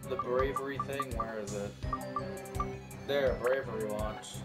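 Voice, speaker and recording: At a measured pace and with fairly even intonation, a mid-range voice offers casual commentary on the speaker's own gameplay. Game music is in the background, and the gamer sounds incredulous, repeating questions and laughing.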